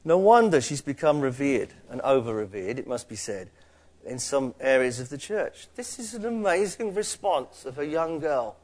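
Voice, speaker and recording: A man's voice: medium pitch, sing-song, moderate pace, a little mellow. A man, a pastor preaching a conversational sermon that rises in emphasis on key points.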